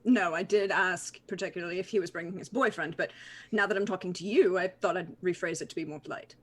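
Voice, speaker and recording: A woman's voice: lowish voice, quick pace. A woman playing in a tabletop game, joking in a dry way. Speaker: player. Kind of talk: casual tabletop play.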